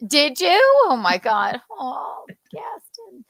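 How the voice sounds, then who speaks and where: A woman's voice: medium pitch, lively intonation, fairly bright tone, no echo, clean studio sound. A woman hosting a podcast in casual chat, drawing out words and laughing often. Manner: drawn-out, laughing, gossipy. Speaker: podcast host.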